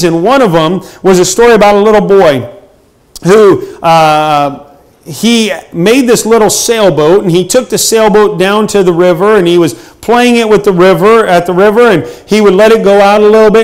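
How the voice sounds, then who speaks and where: Middle-aged pastor man preaching, high voice, earnest and emphatic, lots of uhs. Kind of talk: sermon.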